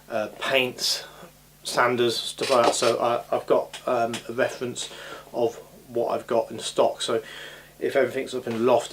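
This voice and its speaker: A man chatting casually in a hobby vlog from his home hobby room, rambling with frequent ums and uhs, recorded on a camera mic. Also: medium pitch. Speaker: scale model hobby vlogger. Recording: audible background noise.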